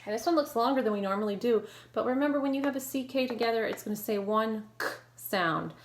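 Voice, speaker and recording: A woman teacher leading an online phonics lesson, modeling sounds clearly and slowly and praising her students. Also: a little high. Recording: echoey room with faint noise.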